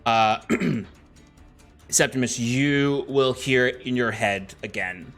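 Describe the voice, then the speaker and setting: A man's voice: medium pitch, slow, fairly bright tone, faint music behind. A man narrating as game master of a tabletop game, describing the action in a loose, rambling way. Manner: descriptive and loose, with many fillers and restarts.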